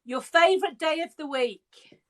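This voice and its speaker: A woman's voice: high voice, normal speed, fairly bright tone. A British woman hosting a live interview over a video call, chatty and bubbly, laughing often and sometimes trailing off mid-sentence. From England. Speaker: podcast host.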